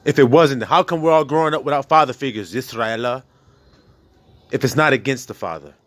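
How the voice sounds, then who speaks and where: A man preaching in an average pitch, impassioned and blunt. He swears freely and fires rhetorical questions at his listeners. His delivery swings between soft, drawn-out lines and sudden loud outbursts. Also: soft background music. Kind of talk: preaching to a congregation.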